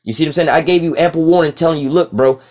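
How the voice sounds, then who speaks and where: A man teaching the Bible in a casual street style, reading scripture slowly, then preaching with rough slang and profanity. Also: fairly high pitch, steady tone, a little mellow. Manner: rough slang and profanity, frequent "you know what I'm saying".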